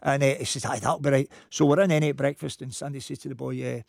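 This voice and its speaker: A man's voice: mid-range voice, fast talker, vocal fry, no echo, studio quality. A man with a Glasgow accent, a football coach telling a funny story in a casual chat. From Scotland. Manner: lively anecdotal storyteller.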